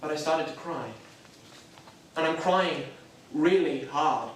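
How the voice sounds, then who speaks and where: A man's voice: fairly high pitch, takes it slowly, a little hiss or hum. An actor playing a nervous, self-doubting young Catholic man, talking in a hesitant, wry, self-deprecating way in a stage drama. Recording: echoey room, mic far off.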